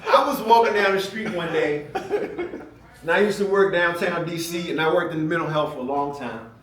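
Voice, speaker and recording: A middle-aged man giving a playful, animated storytelling speech to a live audience, laughing often and acting out shouted quotes. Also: on the high side, moderate pace. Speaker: speaker at an event. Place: event hall with a live audience. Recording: echoey room from far off, noisy.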